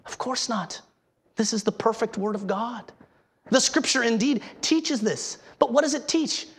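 A preacher delivers a sermon with a husky, slightly raspy voice. The delivery is emphatic, full of rhetorical questions and quick repeated words. The tone has a gravelly edge throughout. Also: mid-range voice, animated, fairly bright tone.

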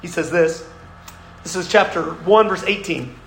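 A pastor preaching a sermon, earnest and emphatic, often checking in with his listeners with a quick "right?". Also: on the high side, a little hiss or hum. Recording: echoey room.

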